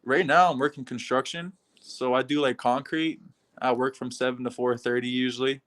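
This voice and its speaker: A young man with an average, middle-pitched voice, answering questions over a video call. He talks in an easygoing, laid-back way and breaks into soft laughs now and then. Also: fairly even intonation, normal speed. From Canada. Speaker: fighter being interviewed. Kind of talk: casual interview answers.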